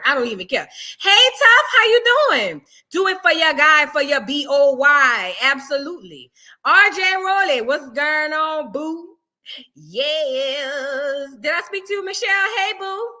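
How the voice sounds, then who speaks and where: A woman with a New Orleans accent hosting a casual livestream, greeting viewers in an animated, playful way and calling them boo and girl. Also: high voice. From New Orleans, Louisiana. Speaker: livestream host.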